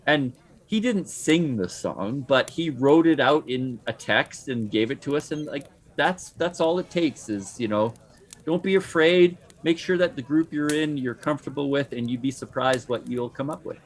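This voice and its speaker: A man talking fast and eagerly in a casual discussion about playing a tabletop game. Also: medium pitch. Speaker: player.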